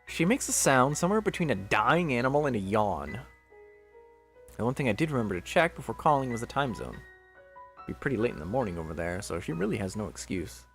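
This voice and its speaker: A man reading a visual novel aloud as its narrator, expressive and chatty, breaking off into jokey asides. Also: mid-range voice, fairly quick, creaky, soft background music. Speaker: visual novel reader, channel host.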